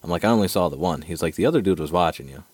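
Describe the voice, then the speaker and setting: A man's voice: low-pitched, racing. A man casually telling a long hunting story on a podcast, swearing freely and peppering it with "dude" and "right?". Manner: profane, animated storyteller, fillers like dude and right. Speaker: podcast co-host.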